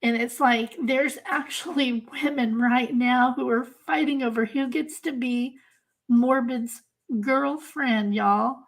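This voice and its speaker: A woman's voice: high-pitched, slow pace. A woman hosting a crime channel livestream. She talks casually to her chat, in an emphatic, exasperated way, and she repeats herself for effect. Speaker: host of a crime-case channel.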